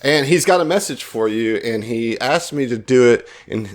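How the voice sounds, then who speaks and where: A man's voice: medium pitch, expressive, normal speed. A man running a tabletop game as game master, hyped and casually swearing.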